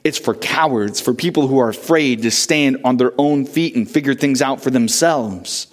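A man's voice: mid-range voice, normal speed, lightly acted. A man voicing a cold, antagonizing single father in a story read aloud during a sermon, curt and scornful.

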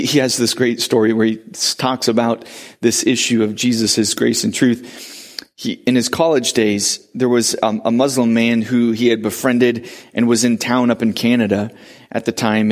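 A male pastor preaching a sermon, telling a story with pauses and restarts, then rising to urgent questions for the congregation. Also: medium pitch. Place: church.

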